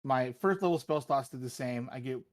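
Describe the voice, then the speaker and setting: A man's voice: mid-range voice, fairly quick. Regular guy in a d&d group, chatty, mid voice, asking rules stuff. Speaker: player. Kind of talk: casual chat before a tabletop game.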